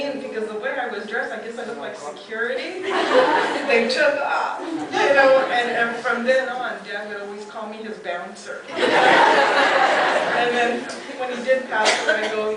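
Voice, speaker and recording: Middle aged woman telling funny family stories at a eulogy, acts out the lines, big echoey hall, mic far off, loud hiss. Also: fairly high pitch. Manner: lively storyteller who acts out quotes and laughs as she tells. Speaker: daughter giving a eulogy. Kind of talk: funeral eulogy storytelling. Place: memorial service hall.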